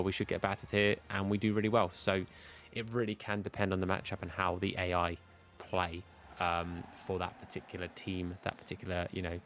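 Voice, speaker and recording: A young man giving casual play-by-play commentary on his football video game, chatty and commentator-like, with hiccups. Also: low voice. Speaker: gaming YouTuber.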